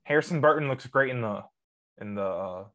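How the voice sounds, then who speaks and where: A man co-hosting a casual racing podcast, rambling with fillers, giggling and now and then bursting into shouts. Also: mid-range voice, lively intonation, a little fast. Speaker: podcast co-host. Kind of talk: casual chat.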